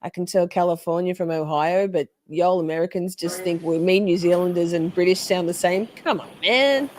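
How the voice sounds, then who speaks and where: A woman's voice: lowish voice, little pitch movement, brisk, dark tone, a little hiss or hum. A woman with an Australian accent hosting a live stream, chatting freely and swearing as she reacts. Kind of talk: casual live-stream commentary.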